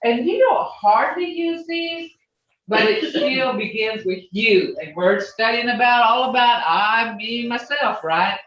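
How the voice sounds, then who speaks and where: A language teacher on a video call guides her class through a lesson slowly and patiently, one step at a time, fixing small slips aloud and dropping asides as she goes. Her mid-range voice has lively intonation. She sits far from the mic in a roomy, echoing space, and the call audio comes through dull and muffled.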